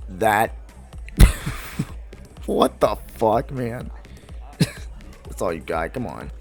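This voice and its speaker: A man's voice: mid-range voice, very animated, takes it slowly, long pauses, darkish tone, soft background music. A man commenting on a horror game as he plays, often alarmed and repeating himself. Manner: alarmed, repeats words, laughs. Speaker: gaming channel host. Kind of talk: let's play commentary.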